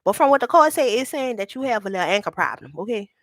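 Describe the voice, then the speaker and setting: High, dry-voiced woman tarot reader. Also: lively intonation, no room sound. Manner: candid, reassuring, talks to viewers as sweetheart; reads card meanings slowly and deliberately. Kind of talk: live tarot reading to viewers.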